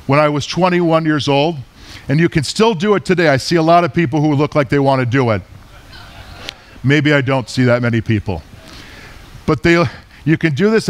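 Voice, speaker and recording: Middle-aged male lecturer, a bit higher-pitched than most men, loose and jokey, self-correcting as he talks. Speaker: culture lecturer. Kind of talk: casual travel lecture with storytelling.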